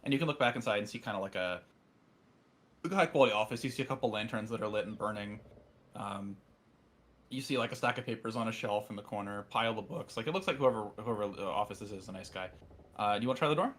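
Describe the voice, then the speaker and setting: A man's voice: lowish voice, fast, fairly bright tone. A man narrating as game master in a tabletop role-playing session, in a casual, filler-heavy way.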